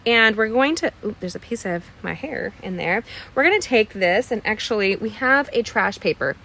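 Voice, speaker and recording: A woman's voice: mid-range voice, lively intonation, normal speed, creaky, fairly bright tone. A woman teaching a live online card-making class, chatty and bubbly, wandering into stories and greeting viewers by name. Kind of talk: live online craft tutorial. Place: cluttered crafting desk.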